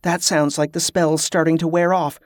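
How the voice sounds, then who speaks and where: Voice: medium pitch, little pitch movement, normal speed, no room sound, natural voice. An audiobook narrator voicing a tired young elf mage woman who speaks earnestly, read dry and close. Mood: weary.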